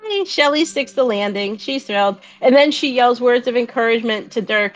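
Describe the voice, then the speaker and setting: A woman's voice: a little high, a little fast, no echo, faint music behind, poor audio. A woman playing a tabletop game, chatty and upbeat, thinking aloud as she plays her character. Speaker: player.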